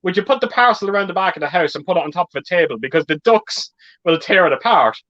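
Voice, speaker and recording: A man's voice: sits high, lively intonation, fast talker, a bit bright, dull audio. A man hosting a casual group chat, telling stories with lots of swearing and laughter. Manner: swearing storyteller, laughs often. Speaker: host.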